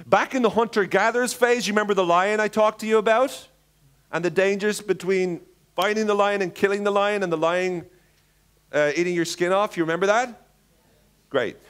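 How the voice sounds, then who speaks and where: A man's voice: high voice, fairly even intonation, normal speed, a bit bright, smooth. A man giving a seminar talk, telling stories playfully with acted-out voices and laughing asides. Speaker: seminar speaker.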